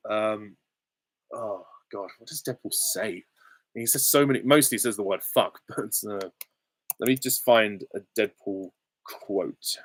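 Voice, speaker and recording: A man's voice: fairly low pitch, no echo. Giggly man hosting a live Q and A. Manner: chatty, giggly, self-deprecating. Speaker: channel host answering viewer questions. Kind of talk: live stream Q and A.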